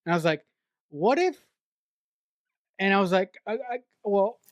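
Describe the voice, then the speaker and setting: Woman podcast co-host, excitable and foul-mouthed, trips over her words, dry close sound. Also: medium pitch, quick pace, no room sound, highs cut off. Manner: excitable, swears freely, stumbles and restarts. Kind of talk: casual film-review chat.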